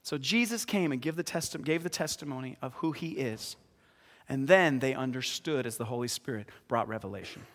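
A man preaching as pastor in a church, lively, acting out scripture scenes with sudden shouts. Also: mid-range voice, fairly quick. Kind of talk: sermon. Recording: long reverb of a hall.

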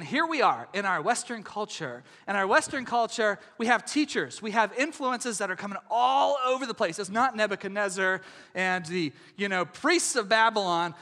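A man preaching a sermon as pastor, in a lively, conversational way, often asking the congregation whether they follow. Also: sits high, big-room sound. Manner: animated, conversational, asks audience questions.

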